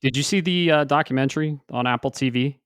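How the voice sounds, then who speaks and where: A man's voice: mid-range voice, fast talker, fairly bright tone, clean tone, no room sound, clean studio sound. A man co-hosting a podcast, laid-back and swearing casually in chat.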